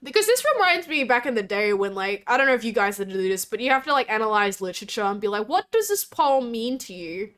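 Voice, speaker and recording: A woman's voice: mid-range voice, lively intonation, fast, hardly any pauses, a bit bright, clear, resonant tone. A young Australian woman streaming as a VTuber, chatting casually with a rambling, giggly way of talking as she reads chat aloud.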